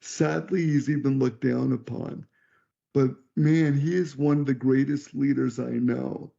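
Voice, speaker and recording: A middle-aged man with a gravelly, dark voice shares an earnest, reflective story as a guest. He talks over a video call, and the sound is dull and lo-fi. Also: mid-range voice, fairly even intonation, a little slow. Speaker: guest speaker. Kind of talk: personal storytelling in an interview.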